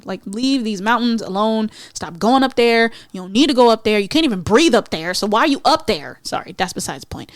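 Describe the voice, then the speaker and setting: A woman hosting her own podcast, talking in a blunt, swearing, animated rant. She drops into mocking impressions to drive a point home. The recording is dry and close. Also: a little high, no echo. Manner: blunt, profane, animated ranting with mocking voices. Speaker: podcast host. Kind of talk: casual solo rant.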